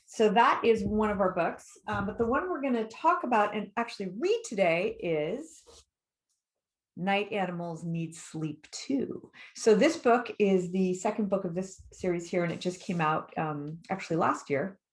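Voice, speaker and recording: A middle-aged woman, a children's author, reading her picture book aloud to kids in a lively, encouraging way and asking them questions. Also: mid-range voice, moderate pace, few pauses. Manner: lively, animated and encouraging, with questions put to young listeners. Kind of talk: read-aloud storytime for kids.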